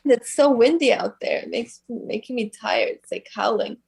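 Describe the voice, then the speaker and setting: A woman, a band singer, guesting on a casual livestream interview, relaxed and laughing softly. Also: on the high side, normal speed, creaky.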